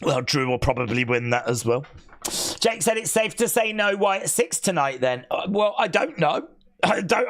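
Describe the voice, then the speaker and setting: A man reacting live on stream in theatrical mock despair, his voice leaping from high wails down to low groans. He talks slowly and drags out his words, and sarcasm runs through his commentary. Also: a bit bright. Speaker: wrestling live-stream host.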